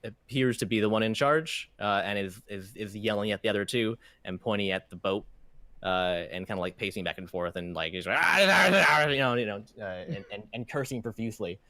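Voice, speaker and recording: A man narrating as game master of a tabletop game, halting and full of fillers. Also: fairly low pitch, a bit bright, no room sound.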